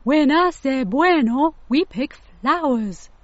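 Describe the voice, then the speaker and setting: A woman voicing Jacob, an excited playful friend in a children's storybook. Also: high voice, slow, no room sound, pitched above the performer's own voice. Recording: dull lo-fi dry recording.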